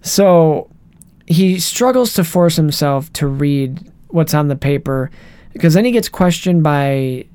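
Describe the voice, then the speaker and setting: Animated man recapping a movie. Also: fairly high pitch, clean tone, no room sound. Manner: animated retelling, acts out scenes in quick voices. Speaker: podcast co-host. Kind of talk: casual movie recap chat.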